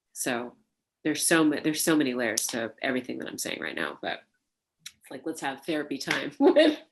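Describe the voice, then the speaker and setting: A woman, a burlesque performer, recalling her life in an oral history interview, animated and laughing, with many fillers. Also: sits low. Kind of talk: reflective interview storytelling.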